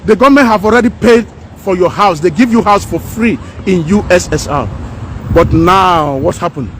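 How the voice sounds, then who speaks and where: A woman's voice: on the low side, normal speed, a little hiss or hum. A woman gives an impassioned opinion vlog outdoors, preachy and fiery, repeating her lines for emphasis. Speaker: vlogger. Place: outdoors by houses.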